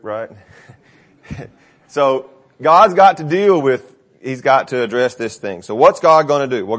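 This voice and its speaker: A man preaching a conversational sermon, telling a scripture story with personal anecdotes and acting out the quotes. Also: mid-range voice. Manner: conversational, animated when quoting.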